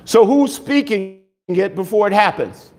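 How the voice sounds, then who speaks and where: A male pastor preaching a sermon in an animated way, asking rhetorical questions and answering them himself, with jokes and laughs between points. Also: sits high, measured pace.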